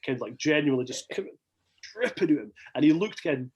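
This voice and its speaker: A young Scottish man telling a long rambling story as a podcast guest, animated and swearing freely. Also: fairly high pitch, quick pace, breathy edge, dull audio. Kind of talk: casual storytelling.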